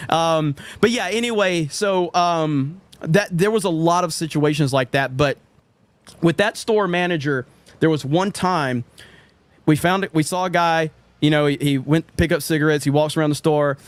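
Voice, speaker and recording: A middle-aged man with a slightly high voice spins stories in relaxed chat, acting out quoted lines and laughing along. His delivery is lively and the sound is dry and close. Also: normal speed, no echo. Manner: animated, acts out quotes, laughs often. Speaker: podcast guest telling stories. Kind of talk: casual storytelling chat.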